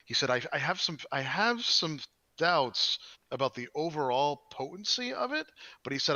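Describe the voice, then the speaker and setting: A man narrates a tabletop game as game master, rambling with many fillers and restarts. His voice is bright and forward. The dry, dull mic gives it a lo-fi sound. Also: mid-range voice, expressive, fairly quick, few pauses, no room sound.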